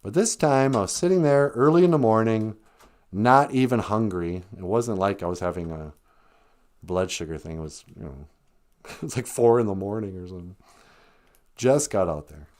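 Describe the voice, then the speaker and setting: A man's voice: on the low side, expressive, normal speed, darkish tone. A man, a comedian, telling a personal story on a live stream in a chatty way, laughing often, quoting people and getting choked up. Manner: quotes people in short voiced bits.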